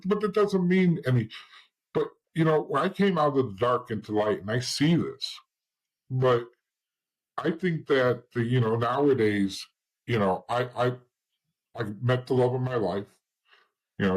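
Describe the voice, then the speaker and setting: A middle-aged man, interviewed as a guest, tells his life story bluntly and candidly, rambling, restarting often, and saying "you know." His mid-range voice is expressive and a little slow, heard over poor audio.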